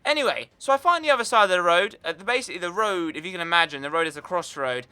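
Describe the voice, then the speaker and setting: Talking over gameplay, a young UK gaming YouTuber spins a long, rambling tale stuffed with fillers. His very bright, smooth voice is slightly high-pitched, expressive, and delivered very fast.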